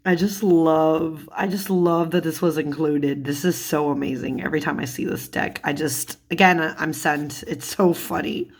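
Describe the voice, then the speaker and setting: A woman's voice: deep voice, fairly even intonation, moderate pace, few pauses. A woman in a casual vlog, chatting about tarot cards, laughing often and swearing casually. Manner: giggly, laughs often while talking. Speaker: tarot vlogger.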